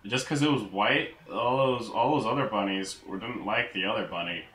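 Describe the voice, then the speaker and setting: A man casually commentating a video game, crude and heavy on the swearing, who breaks into sudden loud outbursts. His voice sits on the low side. The recording is roomy and echoey, with faint noise underneath. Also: normal speed. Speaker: let's play gamer.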